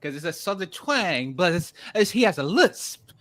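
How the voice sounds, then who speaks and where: Guy guest on a podcast, bright voice, super expressive, giggly. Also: sits high, moderate pace. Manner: giggly, laughs easily. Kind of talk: casual chat.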